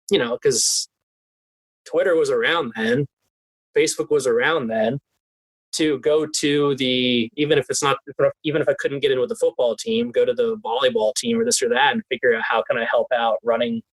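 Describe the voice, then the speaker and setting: Animated young man, dry close sound. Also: medium pitch, normal speed, husky, dry recording, rough recording. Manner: animated, laughs often, restarts. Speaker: guest, team PR specialist. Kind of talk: casual interview chat.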